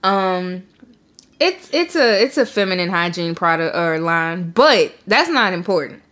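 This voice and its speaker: A woman's voice: lowish voice, measured pace. A woman co-hosting a podcast, telling stories in casual chat, swearing freely and acting out the voices of the people in them. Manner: animated storytelling, acts out voices, swears a lot. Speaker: podcast co-host.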